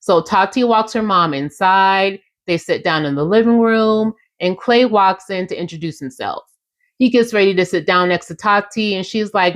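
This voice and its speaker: A woman's voice: mid-range voice, normal speed. A young adult woman hosting a casual podcast, recapping a reality show in a chatty, sassy way and speaking straight to her listeners. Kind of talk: casual recap, acting out quotes.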